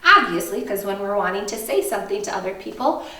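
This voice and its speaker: A woman music teacher leading a kindergarten lesson, talking in a slow, sing-song, animated way and breaking into song. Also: medium pitch, reverberant, recorded from a distance.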